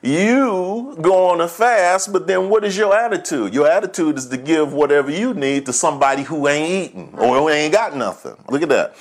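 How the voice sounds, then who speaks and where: A man preaching a sermon as pastor, mixing folksy stories with slow, deliberate scripture reading. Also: on the high side, lively intonation. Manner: folksy, chuckles through his stories.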